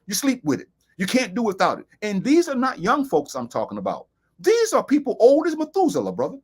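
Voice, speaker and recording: A man's voice: extremely high pitch, huge pitch swings, brisk, breathy edge. A man hosting a talk broadcast, speaking emphatically in a preaching style, quoting sayings and repeating phrases for stress. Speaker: host.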